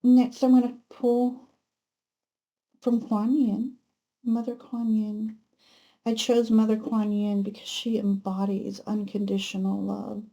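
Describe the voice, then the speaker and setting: Woman tarot reader with a mellow, fry-edged voice. Gentle, unhurried spiritual talk. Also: medium pitch, little pitch movement. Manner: gentle, unhurried, spiritual musing with many ums. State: emotional, close to tears at times. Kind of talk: pick-a-card tarot reading.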